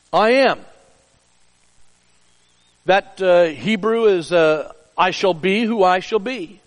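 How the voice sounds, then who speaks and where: Middle-aged man, pastor type, earnest sermon style, high pitch, hall reverb. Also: slow, pauses often. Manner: earnest preaching, drops soft and low for personal stories.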